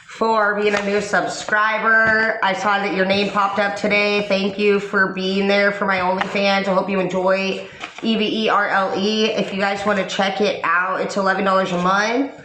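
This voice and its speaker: A man's voice: high voice, little pitch movement, moderate pace, pushed and bright, slight background noise. A man giving an intuitive reading to his subscribers in a blunt, profane, confrontational way, acting out lines of dialogue. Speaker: online reader addressing subscribers. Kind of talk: intuitive reading monologue to camera. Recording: roomy echo.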